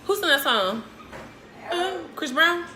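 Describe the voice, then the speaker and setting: High-voiced woman co-host, blunt and joking, echoey room. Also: animated, takes it slowly, a crowd in the background. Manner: blunt, playful, jumps in with comments. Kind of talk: casual storytime chat.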